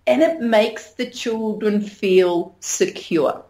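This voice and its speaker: A woman's voice: mid-range voice, slow pace, a little mellow. A middle-aged woman, talking frankly as an interview guest and laughing often. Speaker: interview guest, sex educator. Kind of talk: candid conversational interview.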